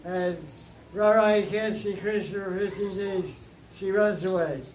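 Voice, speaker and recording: A high-pitched man leads an informal scripture class, retelling a story at an unhurried pace with playful asides. The sound is roomy and echoing. Faint crickets chirp in the background. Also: steady tone, a little mellow, slight background noise. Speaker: spiritual teacher.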